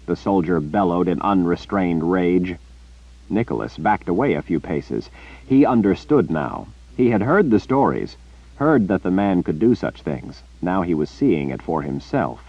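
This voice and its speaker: A man narrating an audiobook in a steady, expressive storytelling manner. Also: deep voice, unhurried, no room sound, highs cut off.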